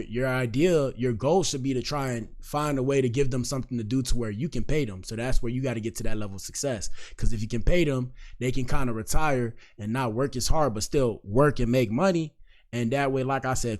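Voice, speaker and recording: A young man hosting a casual online reaction show, talking loosely in slang and reading out viewer comments. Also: medium pitch. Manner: loose slangy talk, reads chat shout-outs. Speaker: streamer host reacting to clips.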